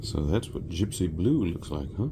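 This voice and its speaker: A man from South Texas chatting casually while he works, a rambling storyteller who often clears his throat. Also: deep voice, expressive, normal speed, background noise. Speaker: resin crafting vlogger.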